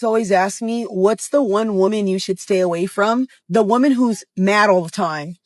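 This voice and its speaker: A woman's voice: mid-range voice, moderate pace, darkish tone, no echo, studio quality. A woman giving dating advice in a blunt, preachy, emphatic manner.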